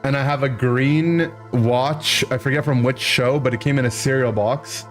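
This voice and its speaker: Streamer guy in his 30s rambling through an old kid story, lots of "right?" and "like", average pitch. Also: normal speed, soft background music. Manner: animated, rambling, full of "right?" and "like". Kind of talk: casual storytelling to a live chat.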